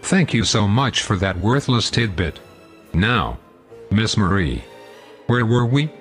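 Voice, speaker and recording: A man's voice: lowish voice, sing-song, slow, fairly bright tone, soft background music. A man hosting a scripted comedy show, pompous, long-winded and sarcastic. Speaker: host.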